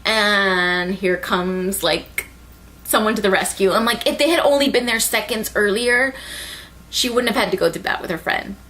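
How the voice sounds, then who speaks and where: A young woman rambling excitedly through an anime recap, full of "like" and swearing. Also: medium pitch, normal speed. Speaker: anime reviewer.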